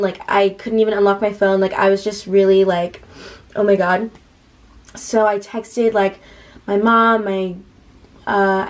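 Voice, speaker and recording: A young woman in her late teens chats to her vlog audience about something that happened to her, saying "like" constantly and quoting the back-and-forth dialogue. Her mid-range voice is a little mellow, and the recording is rough.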